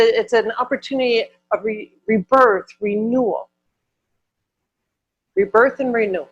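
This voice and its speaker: A woman's voice: on the high side, husky. A woman from Wisconsin, a minister giving a conversational Sunday sermon, repeating words for emphasis.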